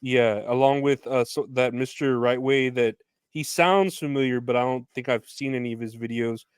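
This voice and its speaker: A man's voice: medium pitch, fairly even intonation, moderate pace, smooth, no room sound, studio quality. A man hosting a podcast interview, chatting in a rambling, hesitant way with lots of fillers. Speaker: podcast host. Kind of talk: casual interview chat.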